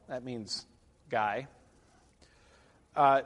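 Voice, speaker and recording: Brief: male lecturer, mid-pitched, discursive and filler-heavy, wry humor, recorded with long hall reverb. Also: expressive, takes it slowly, long pauses. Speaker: literature lecturer. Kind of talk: classroom lecture.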